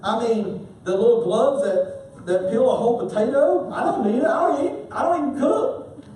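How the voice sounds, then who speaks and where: High-voiced pastor in an echoey hall. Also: male voice, moderate pace, a little hiss or hum. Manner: humorous, animated storytelling. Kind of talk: sermon. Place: church sanctuary. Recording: echoey church hall from far off.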